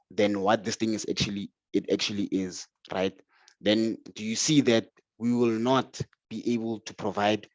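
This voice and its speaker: Man, finance tutor, lower voice, keeps asking and answering himself, repeats words, dry close sound. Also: darkish tone, dry recording, muffled recording. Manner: keeps asking "right?" and answers his own questions; stumbles and repeats words when starting phrases. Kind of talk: explanatory lecture.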